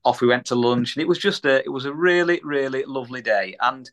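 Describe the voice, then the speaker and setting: A man's voice: mid-range voice, fairly quick, fairly bright tone. A man from the UK, a small business owner, telling a story in a casual podcast chat, repeating words and acting out the voices of people he quotes.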